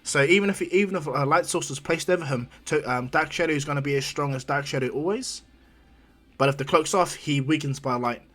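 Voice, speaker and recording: A man's voice: on the high side, a little fast, a bit bright. A man casually narrating a fan story in a rambling way, with lots of fillers.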